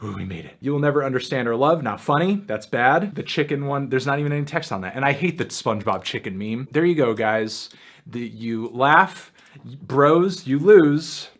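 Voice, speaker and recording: Man, try-not-to-laugh commentary, jokey, excitable, swooping pitch, bright sharp tone. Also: fast talker, hardly any pauses. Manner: jokey and excitable, bursts into yelps and shouted laughs. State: in pain from a self-inflicted penalty. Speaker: YouTuber.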